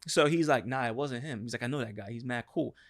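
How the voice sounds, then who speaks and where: A man spins a long, profane story for his podcast co-hosts. He talks at an everyday pitch and acts out each quote as he goes. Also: fast talker. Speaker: podcast co-host. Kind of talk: casual storytelling chat.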